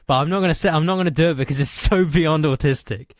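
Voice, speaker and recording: A man's voice: fairly high pitch, fast talker, a crowd in the background. A man co-hosting a podcast, rambling through nerdy details in casual chat. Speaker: podcast co-host.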